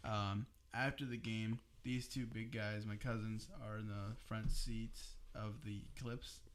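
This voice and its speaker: A young man co-hosting a podcast, telling a story casually among friends in an animated way, swearing freely and laughing as he goes. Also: lowish voice, a little slow, a little hiss or hum. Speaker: podcast co-host.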